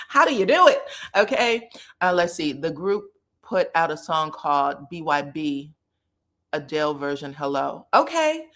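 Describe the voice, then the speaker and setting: A woman hosting casual pop-culture commentary, chatty and animated, talking straight to her viewers. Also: on the low side. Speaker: commentary host.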